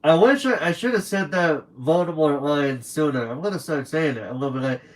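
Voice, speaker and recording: A man's voice: on the high side, brisk, rough recording. A young man streaming from home late at night, rambling through a casual story and acting out what other people said. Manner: rambling storyteller who acts out quoted people.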